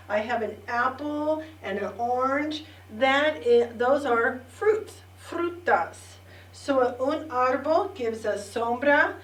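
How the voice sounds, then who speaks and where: A middle-aged woman teaching a bilingual children's lesson, repeating words clearly and prompting the listeners to say them back. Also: sits high. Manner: slow, clear repetition with call-and-response prompts. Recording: echoey room, distant mic.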